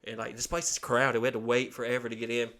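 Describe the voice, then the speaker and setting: A man's voice: mid-range voice, quick pace. A man, from Alabama, hosting a podcast and telling a long story in a casual, profane way, acting out the voices of the people in it. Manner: profane, animated storyteller who acts out quotes. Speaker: podcast host.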